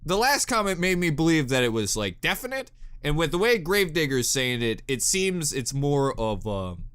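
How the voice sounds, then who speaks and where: A young man chats through a reaction video with a bright, forceful tone. His pitch swings widely as he jumps from excited outbursts to quiet mumbling, and he often breaks into giggles. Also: moderate pace, clean tone. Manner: animated, giggly, jumps between loud bursts and mumbling. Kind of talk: casual reaction commentary.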